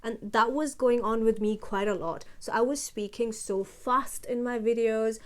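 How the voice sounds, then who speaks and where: Chatty young woman vlogging, slightly high. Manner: slow, steady, deliberate talk with a heavier low voice; chatty, with many fillers like "like" and "you know". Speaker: YouTuber. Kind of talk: casual vlog monologue. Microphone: phone camera.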